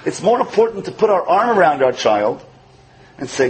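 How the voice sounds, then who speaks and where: A man giving a storytelling sermon as a religious teacher, acting out quotes with animation and dropping to soft, tender tones. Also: a little high, big pitch swings, normal speed, low-quality recording.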